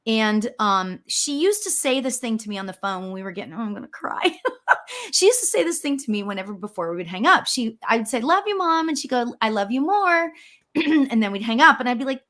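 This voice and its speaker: A middle-aged woman, a spiritual medium, hosting a casual chat, animated and quick to laugh. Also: a little high. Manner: animated, laughs often, squeals when excited. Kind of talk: casual chat on a live show.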